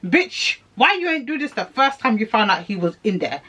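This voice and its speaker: A young woman giving a casual, sweary TV recap, animated and laughing as she slips into character voices. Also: fairly high pitch, moderate pace, husky. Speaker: YouTube reviewer.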